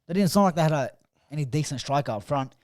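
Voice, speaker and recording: Excitable man talking football. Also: fairly high pitch, quick pace, dry recording, clean studio sound. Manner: animated, excitable bursts, trails off mid-sentence. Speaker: podcast co-host. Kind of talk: casual football chat.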